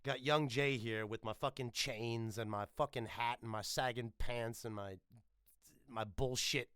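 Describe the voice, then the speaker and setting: A man from the United States hosting a podcast interview, chatting in an animated, profane, jokey way with lots of restarts. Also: medium pitch, unhurried, clean tone, dry recording, studio quality. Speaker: podcast host. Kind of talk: casual interview chat.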